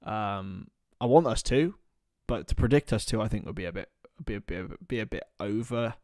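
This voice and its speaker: Football fan commentator, young adult, casual chatty tone, dry sound, loud excited shouts at big moments. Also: male voice, fairly low pitch, normal speed, no room sound. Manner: partisan, rises to excited shouts at chances. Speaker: watchalong commentator, Liverpool fan. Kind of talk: live fan commentary with chat.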